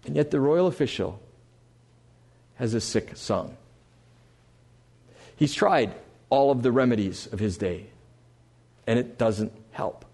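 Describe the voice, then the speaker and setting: A man preaching a sermon to a congregation, swinging between loud emphasis and quiet asides. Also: mid-range voice, animated, slow pace, long pauses, husky. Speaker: pastor. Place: church sanctuary before a congregation.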